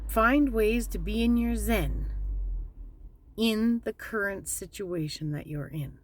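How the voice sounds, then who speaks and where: A woman giving a casual, candid motivational talk as a spiritual vlogger, plainspoken and slowing down to stress her points. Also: medium pitch.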